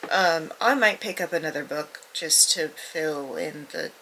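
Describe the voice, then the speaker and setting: Young female book vlogger, stuffy-nosed, bright edge to the voice, candid and self-deprecating, near-whispers at times. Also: deep voice, unhurried, a little hiss or hum, poor audio. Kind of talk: casual vlog talk to camera.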